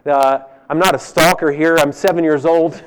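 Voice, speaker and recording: A man in his thirties preaching, telling a funny personal story that swings between loud and hushed delivery. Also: fairly high pitch, steady tone, normal speed, smooth. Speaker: pastor. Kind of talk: sermon. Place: church hall.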